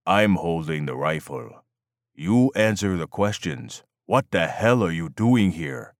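A man's voice: sits low, expressive, takes it slowly, dry recording, clean studio sound, heavily acted. A man doing a stern, curt armed guard. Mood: hostile. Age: 40s. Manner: curt, hostile, threatening.

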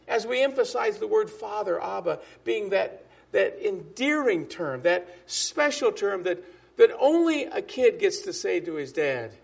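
A man preaching a sermon as a pastor, emphatic, with drops to soft asides. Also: high voice, creaky, breathy edge.

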